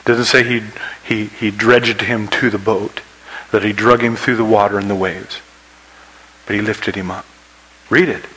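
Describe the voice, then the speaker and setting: A man preaching a sermon, telling a story with rising excitement and dropping to a hush for quoted prayers. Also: measured pace, long pauses, husky, rough recording. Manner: storytelling preacher, acts out scenes with rising pitch. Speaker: pastor.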